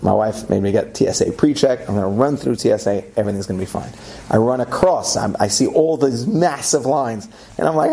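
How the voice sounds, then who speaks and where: A man's voice: gravelly, slightly rough. A man telling a funny personal story in a casual way, laughing and acting out what people said with jumps in his voice. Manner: animated, acts out other people's lines with jumps in pitch.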